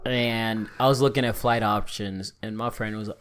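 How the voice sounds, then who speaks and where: A man's voice: on the low side, fairly even intonation, moderate pace, fairly bright tone, clear, resonant tone. A young man co-hosting a podcast, telling a story in casual chat with slang and jokes. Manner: joking, laid-back slang. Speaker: podcast co-host.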